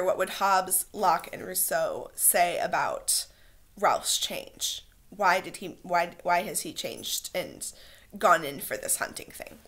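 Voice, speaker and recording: A woman teacher reading a novel aloud to her class and pausing to explain it in a conversational way. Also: fairly low pitch, a bit bright.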